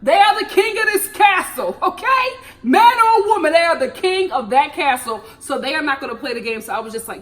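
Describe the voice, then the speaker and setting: A young woman chatting animatedly through a TV recap, breaking into laughs and jumping high in pitch for emphasis. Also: expressive, brisk, hardly any pauses, fairly bright tone. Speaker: TV recap vlogger.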